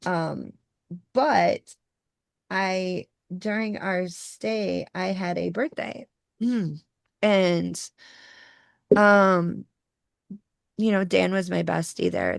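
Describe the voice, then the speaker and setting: A woman's voice: on the low side, gravelly, dry recording, studio quality. A young woman co-hosting a podcast, telling a personal story in a casual, slangy way and swearing freely. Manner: casual, swears freely, calls people dude. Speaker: podcast co-host.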